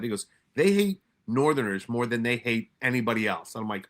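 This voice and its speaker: A man's voice: medium pitch, moderate pace, a bit bright. A man from New York telling stories in a casual, profane way, with many restarts and quoted asides. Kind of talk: casual storytelling.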